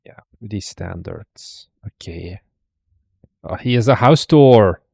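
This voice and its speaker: A man's voice: lowish voice, animated, slow, gravelly, a little mellow, slightly rough, no echo, studio quality. A man hosting a stream, casually commenting and teasing as he looks through viewers' desk setups. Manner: chatty, teasing, thinks aloud. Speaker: streamer host. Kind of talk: casual commentary reacting to videos.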